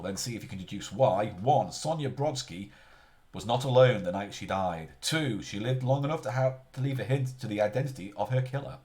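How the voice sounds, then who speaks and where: A man's voice: lowish voice, a little mellow. A man chatting casually on a live stream, rambling and often interrupting himself mid-sentence.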